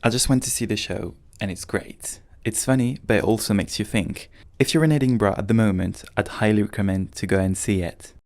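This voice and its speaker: A man narrating an introduction as the interviewer, in a measured, plain scripted delivery. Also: lowish voice, a little mellow.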